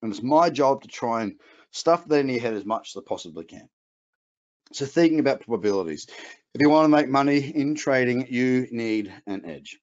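A man's voice: medium pitch, expressive, moderate pace. A middle-aged man with an Australian accent carrying a trace of English, giving an emphatic, motivational webinar talk as a trading coach with chatty asides. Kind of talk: webinar presentation. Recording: muffled lo-fi webinar audio.

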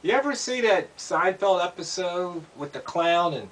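A commentator delivers an opinion monologue in a high, animated voice with a slightly bright tone at normal speed, firing off pointed rhetorical questions and repeating himself. The mic is distant, with faint background noise.

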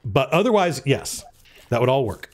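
A man running a tabletop game as game master, his voice swinging up and down with lively energy. He talks casually, swears freely and thinks out loud over the rules as he narrates the action. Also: medium pitch, moderate pace.

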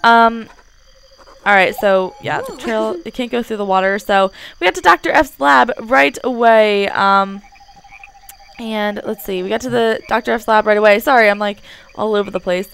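A woman's voice: mid-range voice, moderate pace, gravelly, fairly bright tone, slight background noise. A woman rambling and giggling as she comments on her video game play. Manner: chatty and rambling, giggles often. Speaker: let's play gamer.

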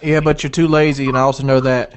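A man's voice: mid-range voice, flat delivery, quick pace, a little hiss or hum. A man speaking as a guest on a live show, defiant and lecturing in a heated argument. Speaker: guest in a dispute.

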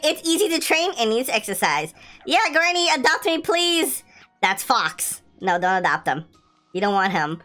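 A woman hosting a gameplay video, excitable and playful, laughing often as she comments. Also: on the high side, moderate pace, faint music behind. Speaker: gaming video host.

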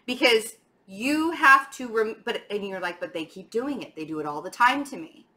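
Bright-voiced woman giving a tarot reading. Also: on the high side. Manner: chatty, frank and emphatic. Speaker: tarot reader. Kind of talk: casual tarot reading to camera.

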